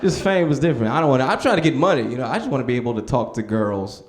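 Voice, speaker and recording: A young man performs stand-up on a club stage, talking in a relaxed, storytelling way. He chuckles at his own lines and slips into other people's voices. His voice sits at an ordinary, mid-range pitch. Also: rapid-fire, roomy sound. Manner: laid-back storytelling, acts out voices, laughs at own jokes. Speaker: stand-up comedian. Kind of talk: stand-up comedy set. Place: comedy club stage with audience.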